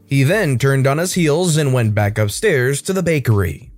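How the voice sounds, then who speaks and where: A man reading online stories aloud, narrating in an expressive, animated storytelling manner. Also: mid-range voice, moderate pace, no room sound, studio quality, faint music behind.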